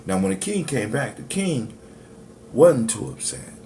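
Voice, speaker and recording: A man's voice: a little high, big pitch swings, unhurried, gravelly, warm tone, a little hiss or hum. A man teaching in a preachy, motivational way and speaking straight to his listeners as family. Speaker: spiritual teacher.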